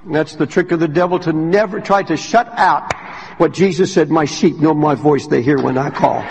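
Older guy preaching, kinda high voice, goes quiet then yells, big echoey church hall. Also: moderate pace, vocal fry, lo-fi sound. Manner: impassioned preaching, swinging from hushed to shouted. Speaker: pastor. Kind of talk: sermon. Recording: long hall reverb.

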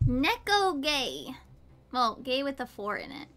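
A woman streaming a game live, chatting casually, swearing freely and breaking into panicked shouts. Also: high-pitched, huge pitch swings, takes it slowly.

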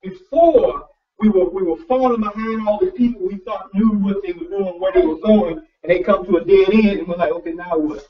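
Speaking fairly quickly in a high-pitched voice, a male pastor gives a loose, conversational sermon. He tends to repeat words and restart sentences, keeping a folksy, personal tone, in distant, dull lo-fi audio.

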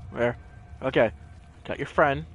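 A man commenting on his own gameplay, easily startled and thinking out loud as he plays. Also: mid-range voice, measured pace, faint music behind. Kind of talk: let's play commentary.

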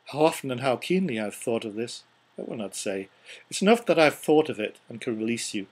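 A man reading the part of a steady young woman ending an engagement, speaking quietly and with measured sorrow. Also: medium pitch, natural voice. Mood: sorrowful. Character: young woman, calm and steady, gently releasing a former love. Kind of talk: audiobook character reading.

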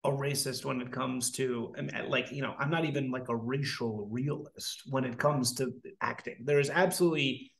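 A man's voice: mid-range voice, fairly even intonation, normal speed, vocal fry, hardly any pauses, slight background noise. A young man in a casual podcast conversation, blunt and emphatic, with heavy use of filler words. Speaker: podcast guest or host.

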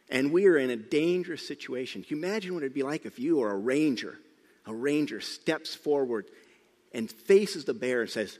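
A middle-aged man preaching a sermon, telling the story with lively emphasis, sometimes loud and sometimes hushed. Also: mid-range voice, moderate pace. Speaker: pastor. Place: church sanctuary. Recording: church hall reverb.

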